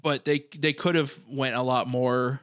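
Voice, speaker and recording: A man's voice: mid-range voice, steady tone, unhurried, fairly bright tone, no echo, studio quality. A man co-hosting a horror podcast, talking casually about a film with many restarts and fillers. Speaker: podcast co-host.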